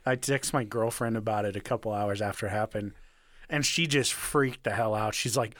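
A man's voice: mid-range voice, big pitch swings, normal speed, fairly bright tone, no echo, clean studio sound. A young man co-hosting a casual podcast, telling a story with lots of swearing, laughing and self-mockery. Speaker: podcast co-host.

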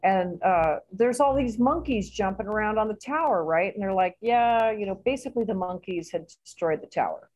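Woman guest, lively anecdote teller, laughs often, salty language. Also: mid-range voice, normal speed, hardly any pauses, rough recording. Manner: animated, laughing, swears freely. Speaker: interview guest. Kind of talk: casual storytelling.

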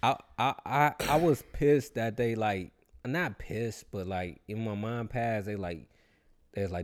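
A man chatting casually, telling a personal story in relaxed slang and acting out other people's voices. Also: on the low side, a little slow. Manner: laid-back, slangy storytelling with animated quoted voices. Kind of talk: casual chat.

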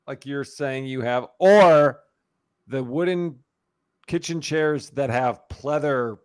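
A man's voice: medium pitch, slow pace, clear, resonant tone. A man in his thirties telling funny stories about his toddler in a casual chat. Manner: animated storyteller, mimics a toddler's voice in quotes.

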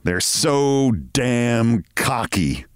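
A man voicing a meek, daydreaming middle-aged man who speaks in a low, cool, clipped way. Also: expressive, very slow, clear, resonant tone, dry recording, clean studio sound.

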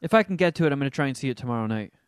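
Animated, profane man with a smooth voice. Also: medium pitch, racing, no room sound, clean studio sound. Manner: profane, animated, does mocking voices in quotes. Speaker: podcast co-host reviewing a movie. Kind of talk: casual chat.

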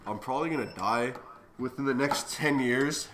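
A man's voice: mid-range voice, moderate pace, fairly bright tone, roomy sound, slight background noise. A man co-hosting a casual smoking livestream from a garage, loose and joking, swearing freely. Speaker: co-host of a smoking stream.

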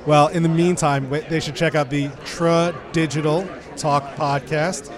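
Male podcast host, higher voice, brisk upbeat intros, convention setting. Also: steady tone, crowd noise. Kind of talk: podcast interview hosting at a convention. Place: convention floor.

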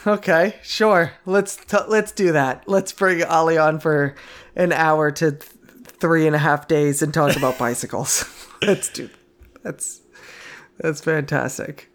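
A woman co-hosting a podcast from home, her voice sitting a little low for a woman. She talks in loose, teasing asides and lets sentences trail off. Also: a little slow. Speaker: podcast co-host. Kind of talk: casual chat.

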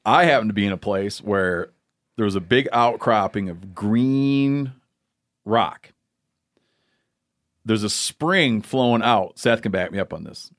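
A man's voice: on the low side, a little slow, long pauses, fairly bright tone. A man hosting a podcast, telling a rambling, joking story in casual chat. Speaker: podcast host.

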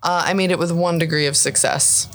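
A woman's voice: on the low side, steady tone, a little fast, fairly bright tone, faint music behind. A woman playing a tabletop game, eager and joking in casual banter with friends. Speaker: player.

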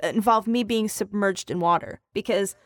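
A woman co-hosting a podcast in casual chat, telling stories in an animated, profane way. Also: medium pitch, moderate pace, no echo, clean studio sound. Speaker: podcast co-host.

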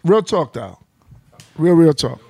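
A man's voice: on the high side, lively intonation, slow pace, mellow, breathy edge, no room sound. A man with a Spanish accent, Spanish as his first language, joking around in casual podcast banter.

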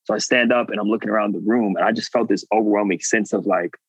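A man's voice: lowish voice, fast, dry recording, rough recording. A man guest telling a personal story earnestly, acting out what people said. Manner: animated, earnest, acts out quotes. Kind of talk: casual storytelling.

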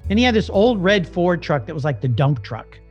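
Middle-aged man telling an animated story. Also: high-pitched, fairly quick. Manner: animated, acts out quoted dialogue. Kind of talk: casual storytelling. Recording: slightly dull lo-fi recording with faint music.

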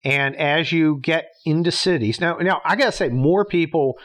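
A man's voice: on the high side, moderate pace, fairly bright tone. A man hosting a podcast in a casual monologue, talking bluntly and sarcastically, swearing often and restarting his sentences. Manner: blunt, sarcastic, profane ranting with frequent restarts. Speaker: podcast host.

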